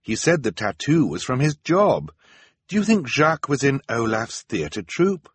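A man's voice: mid-range voice, sing-song, a little slow, breathy edge, dry recording, pitched above the performer's own voice. A man voicing an earnest, bookish teenage boy in an audiobook, explaining things. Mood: frustrated. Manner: earnest, explaining, slightly raised. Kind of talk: audiobook narration.

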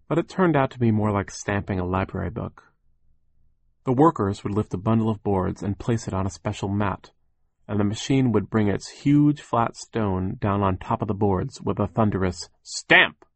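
A man with a deep voice narrates a children's storybook in a wry, deliberate way. He is recorded close on the mic in a dry, dead room. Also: no room sound. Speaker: audiobook narrator. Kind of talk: scripted narration.

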